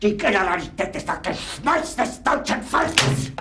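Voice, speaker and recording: A raging wartime dictator. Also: male voice, high voice, big pitch swings, normal speed, full character voice. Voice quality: shouting, furious tirade. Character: raging wartime dictator berating his generals. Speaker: film character. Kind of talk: dramatic film acting. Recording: film audio with music, echoey.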